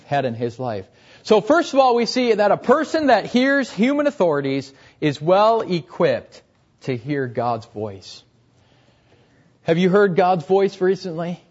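A man's voice: a little high, a little mellow. A young man preaching a sermon earnestly, repeating key phrases and letting his voice drop at the end of each point. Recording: dull, lo-fi recording.

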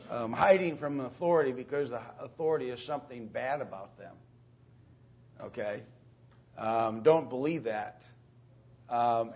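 A man teaching an informal Bible lesson to a class, speaking haltingly with many fillers, restarts and throat-clearing, and often asking the class questions. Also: mid-range voice. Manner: asks the class questions and calls on students. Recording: dull lo-fi recording.

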